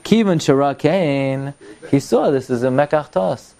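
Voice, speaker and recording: A man's voice: a little slow, creaky. A man telling a Torah story in a lesson. He reads lines of Hebrew text, translates them into English and sprinkles Yiddish words into his retelling. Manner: animated, climbs in pitch and volume as the story builds. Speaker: Torah teacher.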